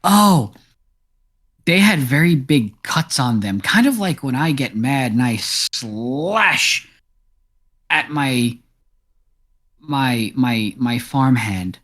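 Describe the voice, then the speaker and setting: A jittery talking farm cat, as a game master puts it on, rambling and circling back on its own words. The voice wanders up and down in pitch. It comes across as part of a tabletop role-play session. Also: male voice, animated, slow pace, long pauses, fairly bright tone. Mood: defensive. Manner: rambling, repeats itself.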